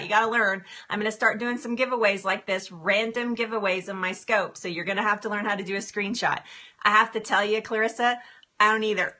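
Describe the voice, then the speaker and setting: Woman, live-stream host, bright crisp tone, giggly, chatty, phone mic, kitchen. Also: medium pitch, moderate pace. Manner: bubbly, giggly, talks to viewers by name. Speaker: livestream host, health coach. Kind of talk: casual live-stream chat. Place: home kitchen. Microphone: phone camera.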